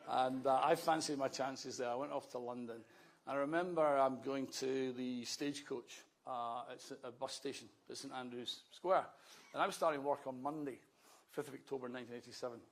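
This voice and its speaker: Scottish man in his fifties, slightly gravelly, telling life stories to an audience with dry humour. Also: mid-range voice, fairly even intonation, moderate pace. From Scotland. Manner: conversational storyteller, wry asides. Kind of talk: public speech, anecdotal.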